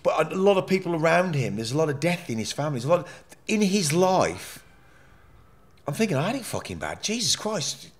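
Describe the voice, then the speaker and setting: A man, talking candidly in a podcast interview. He swears constantly, jumps between loud outbursts and low mutters, and restarts his sentences as the stories pour out. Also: fairly quick. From England. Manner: animated, profane, rambling with frequent restarts. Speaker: podcast guest.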